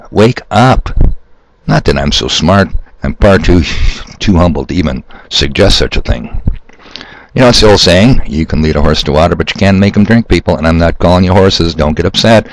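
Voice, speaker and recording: Deep-voiced man rambling sarcastically. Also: no room sound, rough recording. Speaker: video host. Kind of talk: improvised monologue to viewers.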